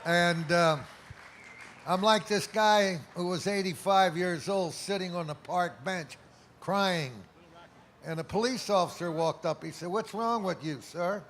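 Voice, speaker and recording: A man's voice: high-pitched, unhurried, a bit bright, a little hiss or hum. A man in his eighties, accepting an award and telling jokes in a wry storyteller's manner. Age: 80s. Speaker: award honoree.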